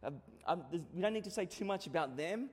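Australian preacher in an echoing hall. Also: male voice, high voice, lively intonation, quick pace, a little mellow, husky. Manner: conversational, storytelling preaching. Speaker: pastor. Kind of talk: sermon. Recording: long reverb of a hall.

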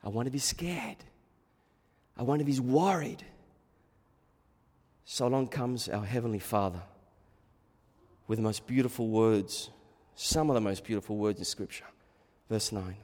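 A man preaching an expository sermon, moving from quiet, musing asides to loud, fervent exhortation. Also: mid-range voice, normal speed, pauses often, in a large hall.

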